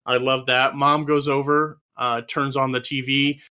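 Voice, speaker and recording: A man chatting on a podcast, walking through a movie scene by scene from his notes. His voice is bright and forceful, and his humor stays dry and understated. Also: mid-range voice, little pitch movement, unhurried, smooth. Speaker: podcast co-host. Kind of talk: casual chat, recapping a movie from notes.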